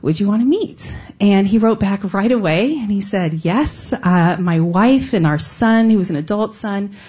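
A middle-aged woman from the United States tells a personal story to an audience in an earnest, heartfelt way, now and then breaking into a light laugh. Her voice sits in an ordinary middle pitch for a woman. The recording sounds somewhat dull and lo-fi. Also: lively intonation, measured pace, darkish tone. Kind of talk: personal story told on stage.

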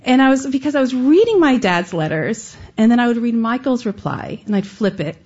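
A woman's voice: on the high side, sing-song, fairly quick, darkish tone, dull audio. A woman from Texas telling a true personal story in an earnest, conversational way, now and then breaking into a laugh. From Austin, Texas, USA.

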